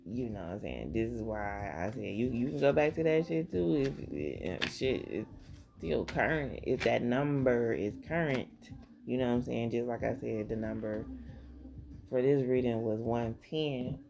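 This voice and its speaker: A woman's voice: extremely low pitch, lively intonation, measured pace, gravelly, crowd noise. A woman tarot reader doing a casual reading, rambling, thinking aloud and swearing freely.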